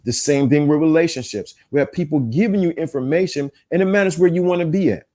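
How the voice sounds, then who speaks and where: A man's voice: on the high side, fast talker, mellow. Man, podcast host, emphatic, preachy, repetitive, self-help talk.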